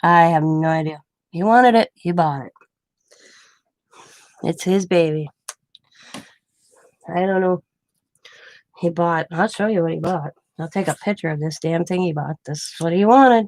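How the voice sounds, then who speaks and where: A woman in middle age talks casually at home, spinning a story and putting on the voices of the people in it. Her voice sits low with a gravelly fry. The sound is close and dry, with no room echo. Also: a little slow, long pauses, a little mellow. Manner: chatty storytelling, acting out quoted lines; laughs often mid-sentence. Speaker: craft vlogger. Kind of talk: casual chat.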